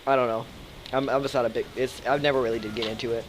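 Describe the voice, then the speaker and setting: Young man, let's play commentator, loose and profane, middle pitch, desk mic with faint hiss. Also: fairly even intonation, very fast, low-quality recording. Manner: rambling, profane, thinks aloud with many fillers. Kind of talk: live gameplay commentary.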